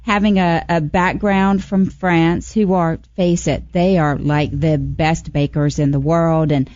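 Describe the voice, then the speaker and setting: Lower-voiced woman host asking questions. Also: steady tone, a little slow, darkish tone, no room sound. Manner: enthusiastic, asks questions. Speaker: radio show host. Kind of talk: interview hosting. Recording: dry muffled radio recording.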